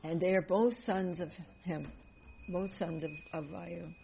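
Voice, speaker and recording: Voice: medium pitch, steady tone, a little slow, vocal fry. A speaker teaching a devotional class, telling stories in a rambling, chatty way with frequent laughs and self-corrections. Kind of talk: casual storytelling in a devotional class. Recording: dull lo-fi class recording with faint noise.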